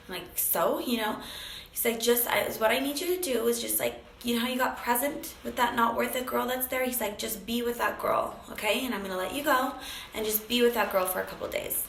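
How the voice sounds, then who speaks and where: Animated woman telling a personal story. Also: on the high side, normal speed, reverberant, a little hiss or hum, poor audio. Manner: animated, acts out phone calls, many fillers. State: briefly tearful. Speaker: speaker sharing a personal story.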